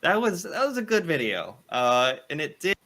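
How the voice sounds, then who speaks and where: Animated, bright-voiced American man. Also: fairly high pitch, normal speed. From United States. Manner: animated, laughs often, thinks aloud. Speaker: video reactor. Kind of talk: casual reaction commentary.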